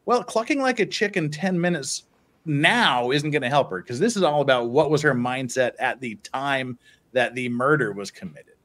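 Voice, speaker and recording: A man's voice: mid-range voice, moderate pace, a bit bright. A man hosting a casual live stream, reading viewer messages aloud and teasing his co-hosts with frequent chuckles. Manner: jokey, teasing, chuckles often.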